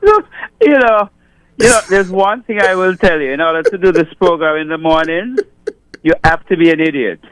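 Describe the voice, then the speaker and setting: A man's voice: high voice, moderate pace, a bit bright, smooth, dry recording, rough recording. A man talking on a call-in radio show, laughing a lot and then making a reasoned point. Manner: amused, laughs often, then earnest and reasoning.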